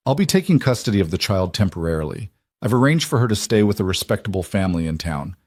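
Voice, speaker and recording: A man's voice: fairly low pitch, very animated, fast talker, darkish tone, dry recording, studio quality. A man voicing a stern, uneasy frontier sheriff with firm delivery.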